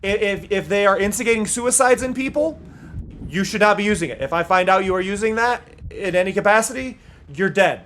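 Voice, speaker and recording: A streamer from the United States talking live over gameplay, emphatic and worked up, repeating key points, at other times reading game text aloud in a playful, mocking way. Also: male voice, high voice, brisk, a bit bright, a little hiss or hum. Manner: heated ranting, emphatic repetition.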